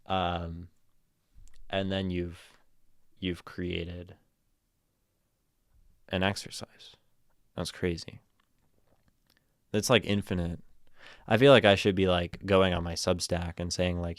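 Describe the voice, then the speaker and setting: A man's voice: low-pitched, flat delivery, unhurried, pauses often, no echo, clean studio sound. A man streaming casual talk about poetry, rambling and thinking aloud, with a self-amused edge.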